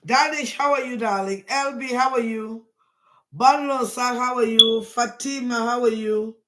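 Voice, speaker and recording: A woman, hosting a casual live stream and greeting viewers one by one in a rambling way, with sudden loud bursts. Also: a little high, a little slow.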